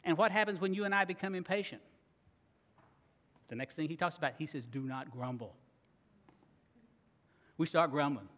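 Man, preacher, sermon, earnest and expressive, high voice, echoing hall. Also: normal speed, pauses often. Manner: earnest, acts out grumbling voices, laughs at times. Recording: long reverb of a large hall.

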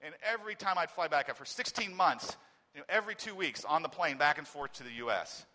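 A man in his forties tells a personal testimony in a bright, forceful voice that sits a little high for a man. He moves from loud, stressed words to near-silent, halting phrases. A long reverb from a large hall hangs on every word. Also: expressive. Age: 40s. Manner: swings between loud emphasis and very quiet, halting speech. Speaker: speaker giving a personal testimony.

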